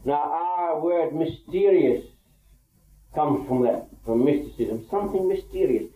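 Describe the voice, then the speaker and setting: A man preaching a Bible teaching sermon, earnest and measured, with frequent hesitations. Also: on the high side, dark tone. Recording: echoey, tinny phone-like old tape.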